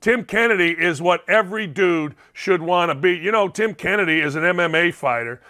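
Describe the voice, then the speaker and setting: High, bright-voiced fired-up male host. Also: moderate pace. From Indiana. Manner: blunt, fired up, repeats phrases for emphasis. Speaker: sports radio host. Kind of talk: opinionated talk show monologue.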